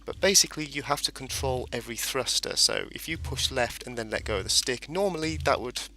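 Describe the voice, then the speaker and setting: A man's voice: mid-range voice, lively intonation, a little fast, sharp tone, slight background noise. A man casually commentating a space game as he plays, rambling and explaining each step. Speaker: gameplay commentator. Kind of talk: casual let's-play commentary.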